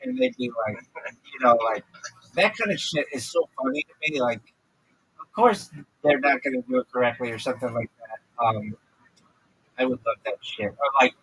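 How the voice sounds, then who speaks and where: A man's voice: mid-range voice, moderate pace, fairly bright tone, slightly rough, no echo, low-quality recording. A man hosting a livestream, chatting casually and swearing as he jokes, acting out imagined conversations in different voices. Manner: profane, joking, acts out imagined dialogue. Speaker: livestream host.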